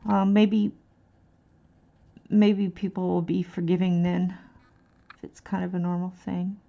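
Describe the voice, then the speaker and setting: A woman streamer from Texas chats slowly while she colors, drifting off and poking fun at herself. Her voice has a gravelly fry, and the audio sounds dull and lo-fi. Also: fairly low pitch, flat delivery. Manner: rambling, laughing, self-deprecating.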